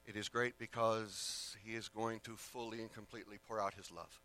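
A man's voice: lowish voice, steady tone, moderate pace, pushed and bright. A male preacher giving a sermon in a casual way, with rambling asides and self-corrections.

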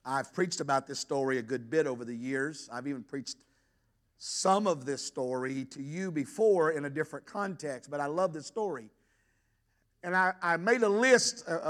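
A man's voice: fairly high pitch, fairly bright tone. A middle-aged man, a pastor, preaching a sermon in a church, asking the congregation questions and pleading with rising intensity. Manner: impassioned, voicing the father's plea with rising intensity. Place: church sanctuary.

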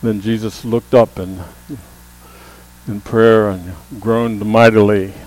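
A man preaching a sermon as a pastor, with emphatic calls that rise to the congregation and a low hum under the voice. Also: level tone, slow pace, a little mellow, rough recording. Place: church sanctuary.

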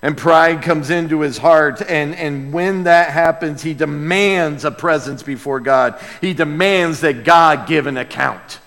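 A male pastor preaching a sermon in a church, emphatic and dramatic, dropping to quiet asides and then rising to loud outbursts. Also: on the high side, measured pace, hardly any pauses. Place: church sanctuary with a sound booth. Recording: long reverb in a large hall.

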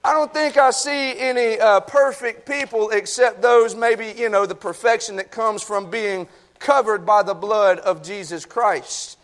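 A man's voice: high-pitched, unhurried, a bit bright. A man preaching a sermon as pastor, reading scripture and praying, folksy and addressing the congregation directly. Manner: folksy, talks to the congregation with "y'all". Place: church sanctuary.

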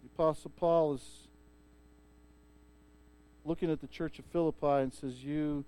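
Man preaching a sermon, lively storytelling, smooth resonant voice, higher pitch. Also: moderate pace. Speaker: pastor.

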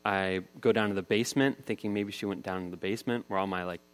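A man's voice: on the low side, fairly even intonation, fast talker, smooth. A man in his thirties preaching a sermon, telling a family story in a casual, conversational way. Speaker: pastor.

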